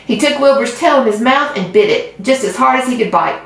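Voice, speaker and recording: A woman who hosts a reading channel, reading a children's book aloud with gentle storytelling. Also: fairly high pitch, animated, brisk. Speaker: reader. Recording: roomy, far from mic.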